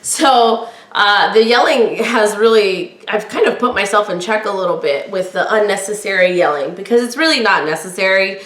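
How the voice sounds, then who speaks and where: A middle-aged woman hosting a podcast, telling a personal story in a candid, chatty way with a loud, projecting voice. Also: medium pitch, normal speed, few pauses, echoey room. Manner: candid, chatty, quotes others in lively voices. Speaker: podcast host.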